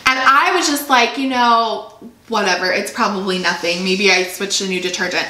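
Young woman host, emotional casual storytelling, a little hoarse, echoey room. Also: medium pitch, moderate pace, pushed and bright, a little hiss or hum. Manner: emotional, trying not to cry. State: frog in her throat. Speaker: podcast co-host. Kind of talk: casual chat.

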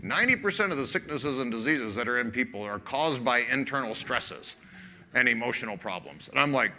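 Speaking fairly quickly at a medium pitch, this pastor tells a story during his sermon, acting out both parts of the conversation. His preaching is animated yet casual and conversational, with fillers, over a faint hiss or hum.

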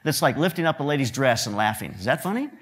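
A man's voice: mid-range voice, sing-song, quick pace, slightly rough. A man giving a lecture to students, telling joking anecdotes about his work as a photographer and acting out what people said. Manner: joking storyteller who acts out quotes. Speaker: guest lecturer, photographer and director.

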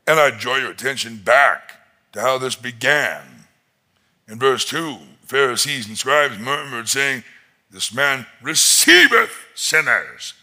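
A man preaching a sermon as pastor, expressive and emphatic, rising to loud peaks. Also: medium pitch, measured pace.

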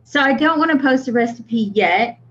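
A woman's voice: a little high, lively intonation, moderate pace, fairly bright tone, a little hiss or hum. A woman co-hosting a livestream in casual chat, laughing often and reading comments aloud. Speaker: co-host of a vaping livestream. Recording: dull lo-fi stream audio.

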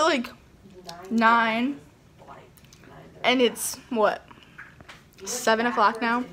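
A young woman vlogs on the move, her fairly high voice bubbling with giggles. She talks slowly and casually. A clear wash of noise sits behind her. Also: fairly bright tone. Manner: chatty and giggly, laughs often. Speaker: vlogger. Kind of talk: casual travel vlog chat. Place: airport and outdoors while traveling. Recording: noisy travel background.

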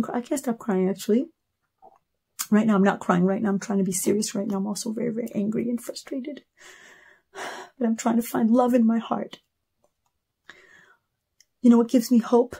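A woman's voice: a little high, dark tone, slightly rough. A middle-aged woman with an Israeli accent giving an emotional personal address to camera, earnest and repeating words for emphasis. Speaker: singer speaking to fans.

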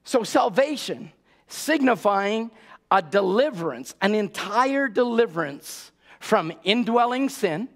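High-voiced preacher man, urgent and exhorting. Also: lively intonation, slow pace, fairly bright tone. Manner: urgent, repeats key words for emphasis; rhetorical questions, exhorting the congregation as saints. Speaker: pastor. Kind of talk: sermon.

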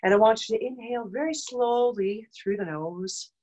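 A woman's voice: fairly high pitch, moderate pace, darkish tone, rough recording. A woman voice teacher leading an online group vocal exercise lesson, explaining and demonstrating exercises, her voice a little dry. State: slightly dry voice.

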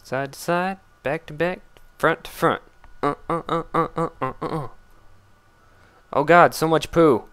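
A man giving casual gameplay commentary, blurting out excited exclamations and complaints at the game as he plays. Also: fairly high pitch, measured pace, clean tone. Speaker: let's play gamer.

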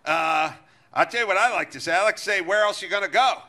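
A man's voice: high-pitched, fast, bright, forceful tone, voice pushed down. A man doing a mocking impression of a smug, evasive male politician who rambles. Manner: mocking impression, drawling and dismissive.

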